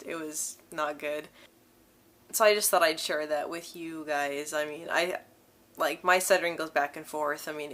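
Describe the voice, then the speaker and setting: A woman's voice: sits low, fairly bright tone, slight background noise. A young woman vlogger telling a story casually to camera, speaking with a marked stutter of repeated syllables and blocks, candid and breaking into small laughs between phrases.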